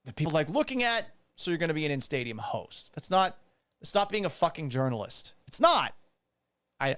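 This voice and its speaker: A man hosting a radio-style talk show, ranting loudly and profanely with exasperation. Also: mid-range voice, dry recording. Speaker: radio broadcaster and show host. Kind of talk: loud ranting commentary.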